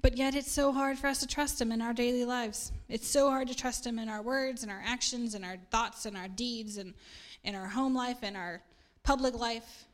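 A woman's voice: a little high, fairly even intonation, normal speed. A middle-aged woman pastor, preaching a casual sermon in an earnest, chatty way and laughing at herself now and then.

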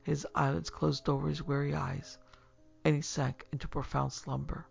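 Gravelly male audiobook narrator. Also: fairly high pitch. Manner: steady, measured storytelling. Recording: slightly muffled with faint music.

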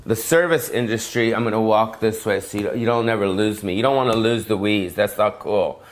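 A man's voice: on the low side, fairly quick. A man giving a rambling, profane comedic rant in a casual, repetitive way. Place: Las Vegas.

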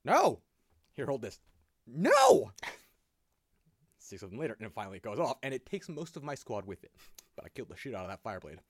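Guy hosting a podcast, super animated, cusses a lot, laughs through his stories, dry sound. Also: on the low side, rapid-fire, no room sound. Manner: animated storytelling, swears often, laughs a lot. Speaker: podcast host. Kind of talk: casual chat.

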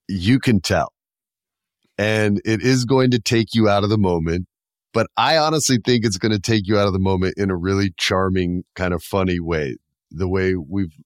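A man co-hosting a casual horror-film podcast, retelling scenes with lively energy and playing out the lines in exaggerated voices. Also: low voice, no echo, clean studio sound. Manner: animated storyteller, acts out movie lines in exaggerated voices. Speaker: podcast co-host. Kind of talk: casual chat.

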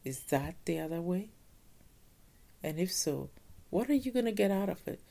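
A woman giving an earnest motivational talk, slowing down to stress her points. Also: fairly low pitch, animated, creaky, warm tone.

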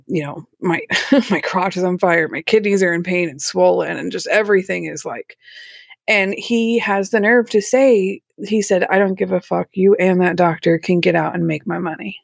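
A woman's voice: on the low side, vocal fry, no echo, studio quality. A woman telling her own painful story as an interview guest, candid and emotional, with a few nervous laughs. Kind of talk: personal story told in an interview.

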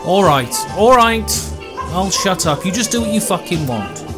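A man voicing a crude, cheerful young Englishman who swears freely, laughs loudly and stumbles over his words in a phone message, raised above his own voice. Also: sits high, sing-song, normal speed, music in the background, pitched above the performer's own voice. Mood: exasperated, chummy. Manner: boisterous, swearing, laughing, stammering restarts. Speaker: character leaving a phone message. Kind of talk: voiced phone message in a solo tabletop game.

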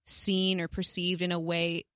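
A woman's voice: lowish voice, completely flat delivery, unhurried, fairly bright tone, clean tone, no room sound, clean studio sound. A woman in casual podcast chat, speaking in a reflective, affirming way.

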